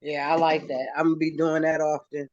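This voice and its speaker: A woman's voice: low-pitched, little pitch movement, fairly quick, darkish tone, dry recording. A woman speaks casually on a group video call and laughs easily. Her audio is muffled and dull, with a dry, close sound. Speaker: call participant.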